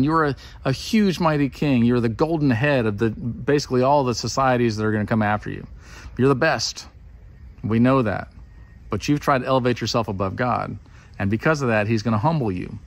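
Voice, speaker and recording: A man's voice: mid-range voice, a little fast, lightly acted. A man voicing a humble, easygoing prophet who speaks frankly and casually. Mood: earnest. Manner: laid-back and frank.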